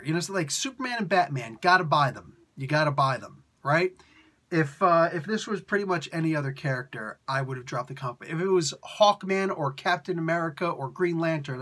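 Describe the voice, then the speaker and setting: A man's voice: on the high side, animated, moderate pace, a bit bright. A man reviewing a comic book in a casual, rambling rant, exasperated and full of mocking put-on quotes. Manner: exasperated, rambling, mock-quoting.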